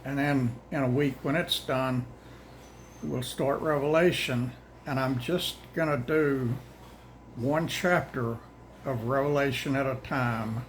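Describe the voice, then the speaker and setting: Older man, folksy host, short of breath, halting and plain-spoken, average pitch. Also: steady tone, a little hiss or hum, poor audio. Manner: rambling, halting, restarts often. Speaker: host of daily Bible readings. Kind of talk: casual chat to viewers.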